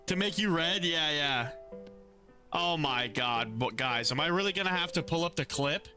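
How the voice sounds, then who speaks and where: A young man streams a game and chats casually with viewers over background music, animatedly reading out and answering chat while often trailing off mid-sentence and restarting. His voice is on the high side, at a normal speed.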